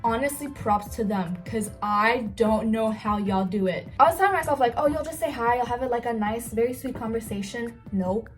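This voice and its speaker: A young woman telling a story in a casual get-ready-with-me vlog, gushing and excitable, with lots of "like"s. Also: fairly high pitch, normal speed, hardly any pauses, soft background music. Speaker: cosplay vlogger.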